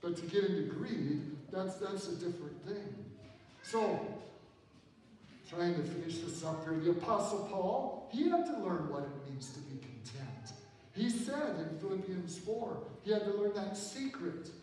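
A man with a fairly high voice preaches a sermon in a chatty, storytelling manner and pokes fun at himself. He is picked up from a distance, and his voice rolls around a long, echoing church hall with a faint hiss underneath. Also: lively intonation, unhurried, darkish tone. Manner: conversational storytelling with self-deprecating humor. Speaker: pastor. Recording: echoey church hall from far off.

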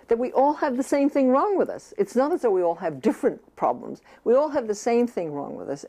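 An older woman from the United States talks through her ideas in an unscripted interview, her voice sitting a little low. She pauses, restarts and says "you know" often, sounding thoughtful rather than polished. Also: dark tone. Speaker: author and therapist interviewee.

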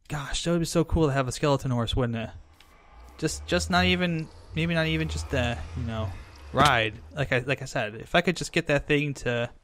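A young man giving Minecraft let's play commentary, frantic and excitable, rambling fast when thrilled. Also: on the high side. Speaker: gaming video host.

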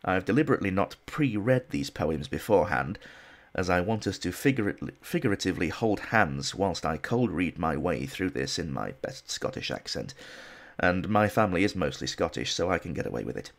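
A man's voice: sits low, very animated, fairly quick, creaky. A man narrating a history documentary in a scripted style with dry, wry asides.

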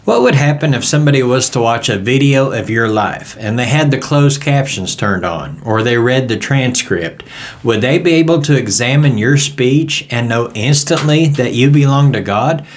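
A man's voice: medium pitch, lively intonation, moderate pace. Folksy Southern man teaching Bible study. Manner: folksy storytelling, conversational.

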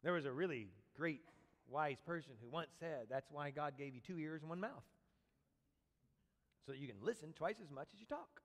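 A man preaching a sermon as a pastor, animated, acting out quoted voices and speaking directly to his congregation. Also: fairly high pitch, moderate pace. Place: church sanctuary. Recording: long church reverb.

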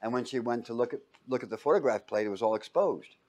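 Here a man lectures quickly in a medium pitch, prompting his class to fill in blanks. He's lively throughout and puts on little voices whenever he acts out a quote.

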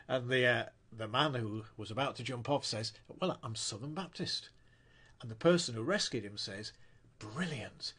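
A man's voice: mid-range voice, moderate pace, fairly bright tone, husky. A man preaching a sermon in a church, telling a joke story and acting out the quoted lines.

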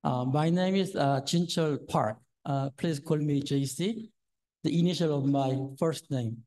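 A man's voice: fairly high pitch, a little slow, darkish tone, rough recording. A man in his sixties preaching a sermon as a lay preacher, nervous and hesitant with many fillers and a trembling voice. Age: 60s.

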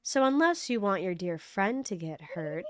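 A woman's voice: medium pitch, very animated, moderate pace, lightly acted. A woman voicing a haughty, commanding female robot queen villain while reading game dialogue aloud. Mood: scheming. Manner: imperious, theatrical.

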